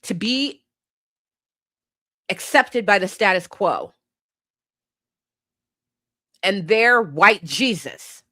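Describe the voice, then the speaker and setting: A woman podcast host rants about politics, heated and profane, and now and then laughs at her own anger. Her pitch swings widely while she takes her time. Her voice is bright and forceful, recorded close and dry. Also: lively intonation, takes it slowly, no echo. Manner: profane, fiery, laughs at herself.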